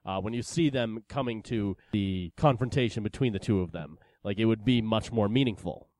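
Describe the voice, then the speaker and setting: Measured, hesitant man on a dry podcast mic. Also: lowish voice, a little mellow, no echo. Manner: measured, hesitant, with many ums and uhs. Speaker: podcast co-host. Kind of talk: casual chat.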